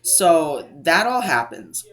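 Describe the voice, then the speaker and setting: A New England man who vlogs about couponing tells a casual storytime, rambling, interrupting himself to make corrections, and imitating other people. His voice is fairly high and a bit bright, with big pitch swings and a slow pace.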